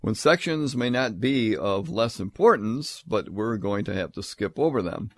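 A man giving a Bible lecture in an earnest way, slowing down and rising sharply on the points he stresses. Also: lowish voice, lively intonation, no echo. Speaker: Bible teacher.

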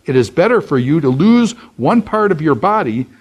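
A man's voice: fairly high pitch, big pitch swings, normal speed, breathy edge. A man teaching a college Bible class in a loose, conversational way, repeating phrases and using fillers. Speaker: Bible professor. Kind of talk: classroom lecture.

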